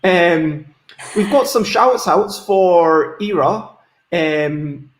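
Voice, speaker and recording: A man hosting an online interview in a relaxed, halting way. He often pauses on "um" before his questions. His voice comes across roomy and echoey. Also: high-pitched. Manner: relaxed, hesitant, frequent "um"s. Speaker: show host, interviewer. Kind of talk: casual interview chat. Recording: roomy echo.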